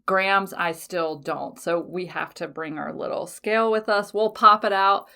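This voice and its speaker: A woman with a somewhat low voice hosts her own podcast in a loose, chatty way. She laughs often, swears casually and keeps backing up to fix her sentences. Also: a little slow, gravelly, bright, forceful tone. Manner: frequent fillers, self-corrections. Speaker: podcast host. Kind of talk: casual solo podcast chat.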